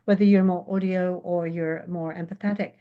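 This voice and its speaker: A woman from England, a psychic guest in a casual interview, who tells lively stories and acts out the voices she quotes. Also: lowish voice, moderate pace, narrow, tinny audio. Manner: animated storyteller, acts out quotes.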